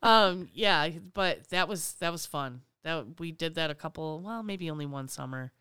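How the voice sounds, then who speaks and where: A woman co-hosting a casual podcast, telling animated stories, acting out the people in them and laughing often. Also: low voice, normal speed, clear, resonant tone, no room sound, studio quality. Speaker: podcast co-host. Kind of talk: casual chat.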